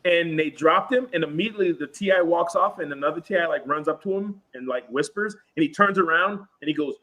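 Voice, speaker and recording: A young man hosting a casual veterans' chat, telling stories from basic training and shouting out the drill instructors' lines. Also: on the high side, fast, hardly any pauses. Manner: animated, acts out yelling drill instructors. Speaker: podcast host. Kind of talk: casual storytelling among veterans.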